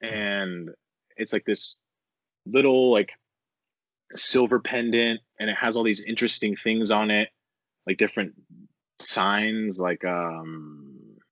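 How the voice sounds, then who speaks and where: A young man tells his story at a rambling, animated clip, peppered with swearing and filler words. His voice sits a touch low. The recording is dry and slightly dull, with little sense of a room. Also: slow, long pauses, no echo. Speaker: podcast guest. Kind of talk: casual storytelling interview.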